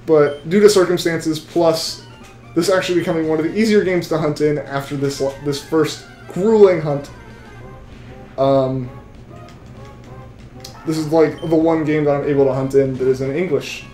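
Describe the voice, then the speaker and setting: A man's voice: a little high, fairly even intonation, moderate pace, long pauses, warm tone, echoey room, soft background music. A young man live-streaming a game, chatting with viewers in a rambling, casual way. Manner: rambling, chatty, full of restarts. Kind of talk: live-stream chat while shiny hunting.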